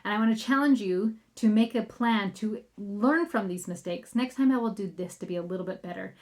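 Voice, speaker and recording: A woman's voice: medium pitch, fairly quick, darkish tone. A woman in her thirties, a parenting coach hosting a solo podcast, upbeat and chatty, addressing listeners as friends.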